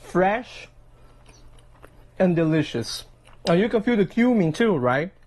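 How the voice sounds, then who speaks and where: A man's voice: high-pitched, sing-song, takes it slowly, darkish tone. A man with a Philadelphia accent chatting through a casual cooking vlog in his home kitchen, eating and savoring between lines. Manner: chatty, tags lines with "okay?" and "right?". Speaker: fishing vlogger.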